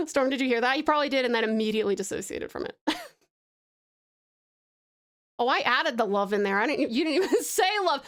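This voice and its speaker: Australian woman, streamer, high bouncy voice, giggly, rambling chat. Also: big pitch swings, brisk, pauses often. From Tasmania, Australia. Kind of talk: casual live-stream chat.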